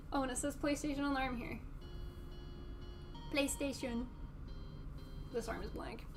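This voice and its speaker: A woman's voice: high-pitched, fairly even intonation, slow, long pauses, over music. A woman around thirty chatting casually on a livestream while building model kits, cooing at her cats and often dropping into a whisper. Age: about 30.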